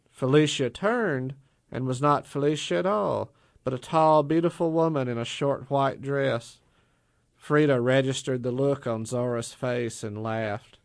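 A man narrating an audiobook story in a measured, deliberate way. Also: medium pitch, vocal fry, no room sound, clean studio sound.

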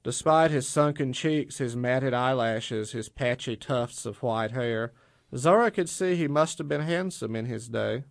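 A man narrating an audiobook story in a measured, deliberate way. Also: medium pitch, vocal fry, no room sound, clean studio sound.

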